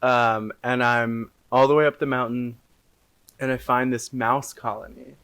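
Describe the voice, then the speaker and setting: A man improvising a silly quest story on a comedy podcast. He delivers his lines in a deadpan, drawn-out way, with a pitch in the middle of the usual range. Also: smooth. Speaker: podcast co-host.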